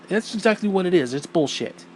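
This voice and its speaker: A man's voice: high-pitched, fast talker, slight background noise, poor audio. A man hosting his own show, talking bluntly and profanely in a casual opinion monologue, pushing his voice up when indignant. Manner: blunt and profane, emphatic swearing; animated, voice rising when indignant. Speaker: podcast host.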